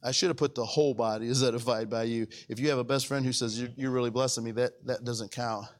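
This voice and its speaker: A man preaching a conversational sermon as pastor, often asking the congregation if they follow, with his voice swinging between raised and hushed. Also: mid-range voice, fairly even intonation, quick pace.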